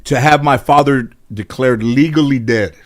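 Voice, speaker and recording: Guest storyteller from Los Angeles: a man with a mid-range voice, animated and conversational, swears freely and restarts his sentences. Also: mid-range voice, moderate pace. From Los Angeles, USA. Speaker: guest telling life stories.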